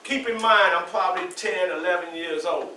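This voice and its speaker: Bright, high-voiced man in his sixties. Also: normal speed, slight background noise. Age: 60s. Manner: vivid, repetitive storytelling that asks the audience questions. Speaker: guest speaker to an elementary class. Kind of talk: personal storytelling talk. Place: school classroom indoors. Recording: echoey classroom, distant mic.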